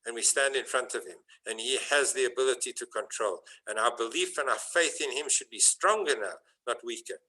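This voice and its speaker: Man, rabbi, sermon, bright tone, storytelling, swells to fervent peaks. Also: medium pitch, lively intonation, brisk, few pauses, poor audio. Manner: storytelling, rising to fervent emphasis.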